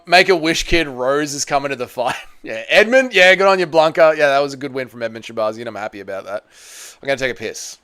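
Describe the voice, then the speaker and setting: A man's voice: a little high, fairly bright tone, smooth. A man hosting a casual livestream, reading out chat messages and answering with crude, teasing banter. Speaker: livestream host.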